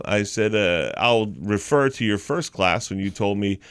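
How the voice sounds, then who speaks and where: Animated storytelling man, dry studio sound. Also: fairly low pitch, normal speed, few pauses, smooth, dry recording. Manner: animated storyteller, acts out the people in his story. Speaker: morning radio host and comedian. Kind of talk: storytelling on a radio show. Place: radio studio.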